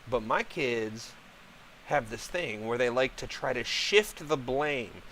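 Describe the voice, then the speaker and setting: Blunt, profane gaming dad. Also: male voice, medium pitch, lively intonation, slow pace, pushed and bright, a little hiss or hum, poor audio. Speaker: game streamer and father. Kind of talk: casual rambling chat while gaming.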